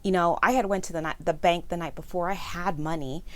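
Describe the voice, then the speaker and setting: A woman's voice: fairly low pitch, fairly even intonation, fairly quick. Tearful woman telling a personal story. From California. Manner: emotional, breaks into tears and apologizes while telling the story. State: tearful, voice breaking. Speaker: nonprofit founder and vlogger.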